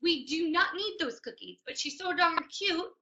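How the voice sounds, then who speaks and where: A woman's voice: very high voice, lively intonation, normal speed, pushed and bright. A woman co-hosting a business training talk, stressing her points and repeating them for emphasis. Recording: dull lo-fi sound.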